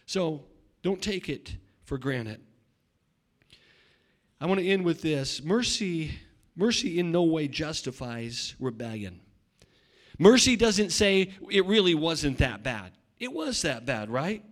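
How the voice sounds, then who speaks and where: This middle-aged male pastor preaches with a fairly high pitch, his sermon shifting between loud shouting and quiet asides. He often restarts and repeats himself.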